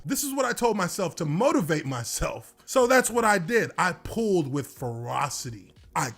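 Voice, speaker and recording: A man's voice: high voice, moderate pace, few pauses. A former pro football lineman telling a dramatic game story in a casual way, with a bit of swearing. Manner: animated, dramatic retelling with casual profanity. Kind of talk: storytelling anecdote. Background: faint music.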